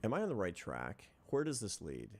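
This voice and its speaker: Deep-voiced middle-aged man telling his story. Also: huge pitch swings, a little fast, vocal fry, darkish tone. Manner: earnest, reflective, builds points step by step. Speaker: interview guest, social scientist. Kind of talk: reflective storytelling in an interview.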